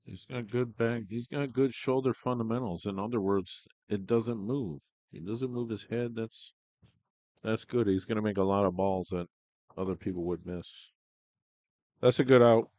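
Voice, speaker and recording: A man with a deep, low voice gives relaxed, chatty commentary on a pool match. His sound is close and dry, with no room around it. He talks through shots and players like he is sitting beside you. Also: moderate pace, dry recording. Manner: laid-back, chatty, talks shop about shots. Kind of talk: casual live commentary. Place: pool hall at a tournament.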